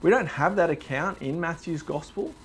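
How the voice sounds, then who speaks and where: A young man preaching a sermon, telling the story with animated, dramatized delivery. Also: on the high side, moderate pace, slightly rough.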